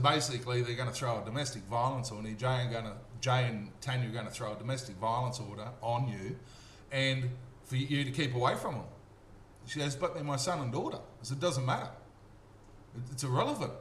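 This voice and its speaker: A man's voice: mid-range voice, a bit bright. A middle-aged man, rambling through a personal story, acting out the dialogue and checking in with "okay?". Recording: roomy with faint background noise.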